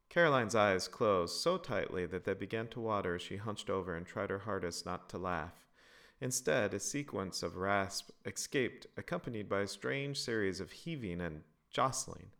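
A man narrating a family story in a lively, expressive reading. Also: on the low side, moderate pace.

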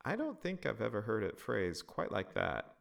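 A man's voice: lowish voice, huge pitch swings, normal speed, creaky, fairly bright tone, heavily acted. A man voicing a dry, teasing father at the dinner table. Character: teasing deadpan dad.

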